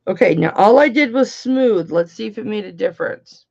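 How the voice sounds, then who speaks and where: A woman's voice: medium pitch, expressive, normal speed, creaky, darkish tone, dull audio. A woman hosting an online jewelry auction, chatting casually and cracking bawdy jokes while she works. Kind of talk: casual livestream selling chat.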